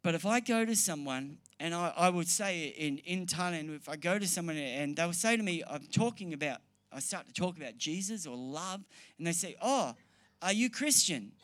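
A man preaching a sermon, often restarting his sentences, then building to loud, fast, passionate appeals. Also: on the high side, no room sound.

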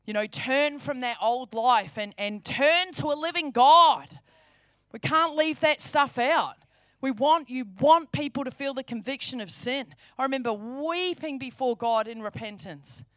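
Woman, preacher, sermon, high-pitched, fervent, emphatic, repeats phrases, dry sound. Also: measured pace, a bit bright, no room sound.

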